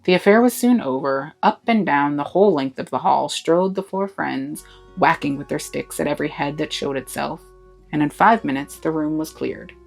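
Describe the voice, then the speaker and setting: A woman reading a classic novel aloud with expressive narration. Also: deep voice, moderate pace, vocal fry, soft background music, low-quality recording. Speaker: storybook reader.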